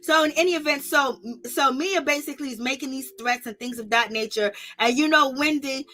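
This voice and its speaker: A woman with a high, bright voice talks casual gossip straight to her viewers. She is blunt and animated, with features in her speech. It sounds like a relaxed commentary channel. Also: a little fast. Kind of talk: casual reality-show commentary.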